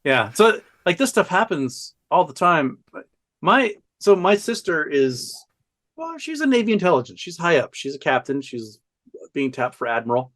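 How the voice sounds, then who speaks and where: Man, podcast guest, fairly high voice, animated storytelling, swears a lot. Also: normal speed. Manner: animated, profane, laughs often. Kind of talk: casual storytelling chat.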